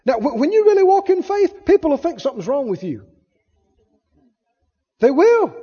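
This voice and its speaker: High-voiced, emphatic male preacher. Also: sing-song, normal speed, dark tone, long reverb tail, highs cut off. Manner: emphatic, call-and-response, acts out voices. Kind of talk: sermon.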